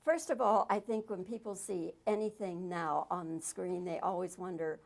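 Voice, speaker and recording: A woman interviewing a film director, asking her questions in a warm, measured way. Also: fairly low pitch, creaky.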